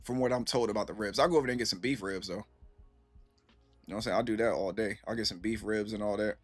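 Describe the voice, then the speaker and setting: A man's voice: on the low side, fast talker, soft background music. A man hosting a casual reaction stream, talking in a laid-back, repetitive way and often saying "man". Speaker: streamer host.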